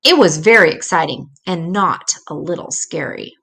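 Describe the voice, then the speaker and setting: An older woman reads a picture book for kids, gentle and expressive, with the occasional small slip. Her voice is on the low side, slightly rough with vocal fry, and she keeps a normal pace.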